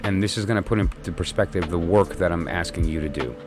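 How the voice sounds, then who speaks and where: A man with a very low voice speaks in a loose, conversational way. He tells a reflective personal story as a tarot reader, circling back and restarting his sentences. Soft music plays clearly behind him. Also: fast. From New York. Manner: meandering, many restarts and fillers, conversational.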